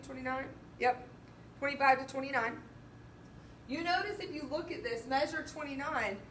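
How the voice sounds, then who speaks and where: A woman teaching a band lesson, counting beats out loud and singing the rhythms as she walks through the parts. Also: high-pitched. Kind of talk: music lesson walkthrough. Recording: roomy, distant mic, faint noise.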